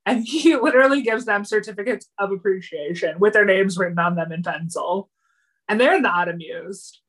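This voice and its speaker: A woman co-hosting a podcast, retelling a TV episode in an animated, chatty way and slipping into the characters' lines. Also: medium pitch, normal speed. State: yawning, a little tired. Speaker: podcast co-host. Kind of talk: casual chat recapping a TV episode.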